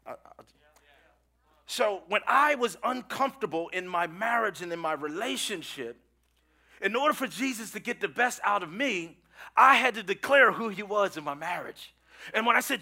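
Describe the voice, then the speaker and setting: A middle-aged male pastor preaching a sermon, swinging between loud calls to the congregation and hushed, intense lines, often repeating words. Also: high-pitched.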